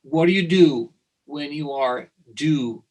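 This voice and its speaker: A man's voice: a little high, takes it slowly, a little mellow, poor audio. A man from Italy speaking English, telling stories animatedly in a casual interview, often restarting and repeating words. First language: Italian. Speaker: guest, company founder.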